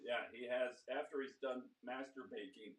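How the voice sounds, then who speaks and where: A man's voice: mid-range voice, fairly even intonation, moderate pace. A young man on a podcast in casual chat, goofy and blurting jokes.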